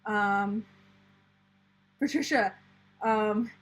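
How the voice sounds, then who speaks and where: A woman's voice: mid-range voice, extremely slow, poor audio. An American woman hosting a casual live chat, reading out viewer comments and rambling with lots of fillers. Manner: chatty, rambling, many fillers and restarts. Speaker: planner channel host.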